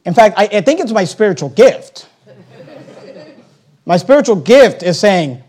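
A man preaching a sermon as pastor, swinging between soft and loud and acting out little dialogues. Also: high-pitched, very animated, measured pace. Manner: acts out little dialogues and quotes scripture.

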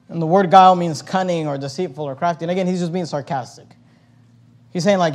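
A man preaching a sermon as pastor, reading scripture aloud and building to loud emphatic stretches. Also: sits high, fast talker.

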